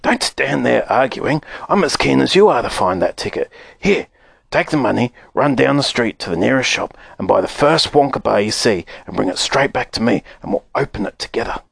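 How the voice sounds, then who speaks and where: A man's voice: mid-range voice, fairly quick, creaky, breathy edge, no room sound, exaggerated voice. Guy doing a frail old grandpa, giggly and secretive, whispery, dry close sound. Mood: conspiratorial. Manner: whispery, spluttering with excitement.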